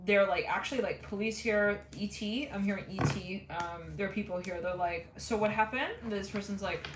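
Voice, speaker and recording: A woman's voice: mid-range voice, moderate pace, reverberant, noisy background. A woman giving a live tarot reading, rambling and giggly as she relays what she is hearing. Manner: rambling, giggly, channeling messages. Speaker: tarot reader.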